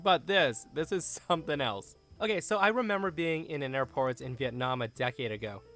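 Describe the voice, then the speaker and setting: A man narrating an online story in an expressive, animated way, with his own comments. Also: fairly high pitch, a little fast, soft background music.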